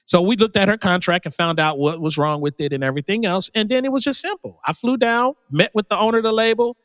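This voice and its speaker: Male producer guest, high and lively storyteller, bright tone, dry close recording. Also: fast talker, dry recording, long reverb tail. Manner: animated, leaps high when quoting people. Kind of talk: casual storytelling chat.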